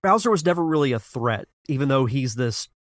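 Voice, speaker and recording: A man of middle pitch hosts a retro gaming podcast in an earnest, rambling chat. He sighs and restarts a lot, and the sound is dry and close. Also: lively intonation, fairly quick, dry recording. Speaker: podcast host. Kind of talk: casual chat.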